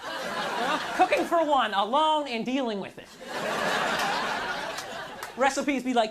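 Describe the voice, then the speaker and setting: A man's voice: very high voice, a little slow, long pauses. A man works a live comedy club stage, ranting with exasperated self-mockery. The room buzzes with crowd noise and audience laughter. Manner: exasperated, self-mocking rants with mocking voices. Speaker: stand-up comedian. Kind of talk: stand-up comedy set.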